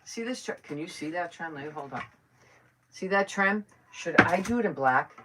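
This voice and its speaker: A woman's voice: fairly low pitch, expressive, moderate pace. A woman chatting casually with her viewers while doing a craft project live, rambling and greeting people by name. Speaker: crafting livestream host. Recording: voice a bit far from the mic, faint noise.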